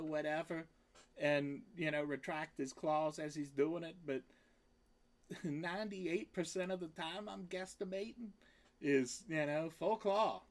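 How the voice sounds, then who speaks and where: A man hosting a rambling casual livestream, swearing freely and laughing between lines. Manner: swings into high squeaky voice for quoted exclamations. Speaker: livestream host.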